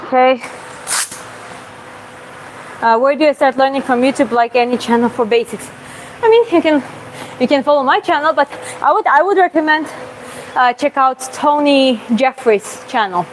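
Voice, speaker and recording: In a gym, a woman boxing coach demonstrates punch combinations on a bag while answering viewers' questions live, explaining casually and marking each punch with a quick "boom". The recording is rough, with a little hiss or hum.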